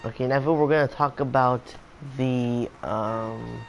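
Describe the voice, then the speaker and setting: A man co-hosting a casual game review, steering the topics and giving measured opinions. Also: medium pitch, fairly even intonation, gravelly, slight background noise, low-quality recording. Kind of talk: casual chat.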